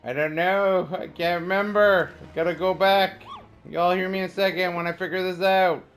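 A man's voice: high-pitched, fairly even intonation, normal speed, fairly bright tone, faint music behind. A man commentating a game as he plays, chatty and rambling, trash-talking the enemies. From Canada. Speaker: let's play gamer.

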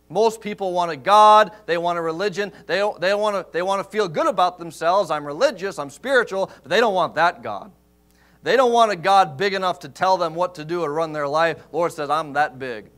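A man pastor preaching a sermon in a church, emphatic, swinging from loud rises to quiet asides. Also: on the high side.

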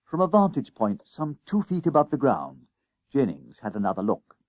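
Expressive man reading a storybook. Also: mid-range voice, normal speed, no echo. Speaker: author reading his own book. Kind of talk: storybook narration.

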